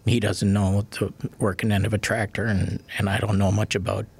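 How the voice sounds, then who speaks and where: A man's voice: fairly low pitch, flat delivery, normal speed, creaky, breathy edge. A man speaking in a plainspoken, folksy way about a longtime colleague. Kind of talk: reflective interview remarks.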